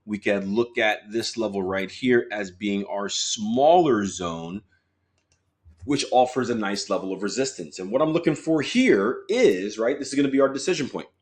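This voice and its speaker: A man with a lowish voice teaching chart trading live from his desk. He talks in a relaxed, chatty way, asking viewers to chime in as he goes. It sounds like a desk mic in a home office. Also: normal speed. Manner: casual, chatty, addresses viewers directly. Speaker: trading coach.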